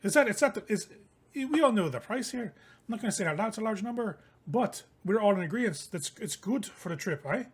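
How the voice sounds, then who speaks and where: A brash, swaggering knight-for-hire, voiced by a man in a tabletop game, talking loud and high with a drawl. His voice is pitched a bit above the usual. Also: expressive, brisk, slightly rough. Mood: cagey.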